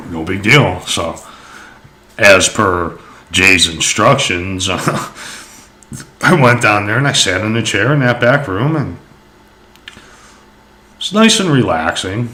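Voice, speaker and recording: Deep-voiced man rambling through a story. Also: bright, forceful tone. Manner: rambling, profane, many fillers. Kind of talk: casual storytelling.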